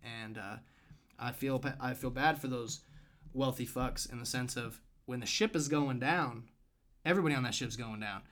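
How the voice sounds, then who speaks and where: A man co-hosting a podcast in casual talk. His manner is loose, profane and rambling, and his pitch sits at a middling height. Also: moderate pace, a bit bright. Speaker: podcast co-host. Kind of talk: casual chat.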